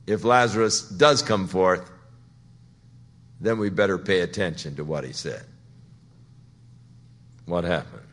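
Male pastor, sermon, slow delivery, bright tone, conversational. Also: deep voice. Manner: conversational preaching, rising to emphatic.

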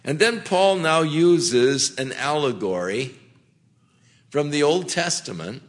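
A man preaching a sermon in a slow, gentle way, with frequent small restarts. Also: on the high side, animated. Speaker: pastor.

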